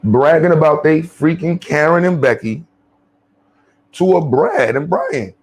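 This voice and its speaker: A man's voice: fairly high pitch, sing-song, measured pace. A man hosting his channel, giving blunt, profane off-the-cuff commentary. He rambles with many fillers and restarts.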